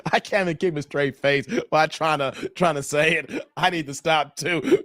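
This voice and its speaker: A man's voice: fairly high pitch, slow, pauses often, a bit bright, dry recording. A man hosting a live stream, laughing and bantering with his chat.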